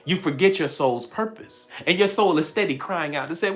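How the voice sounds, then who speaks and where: A man's voice: high-pitched, expressive, brisk, few pauses. A man hosting a spiritual livestream, talking playfully to his viewers, laughing often and acting out quoted voices. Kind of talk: animated live-stream talk to viewers.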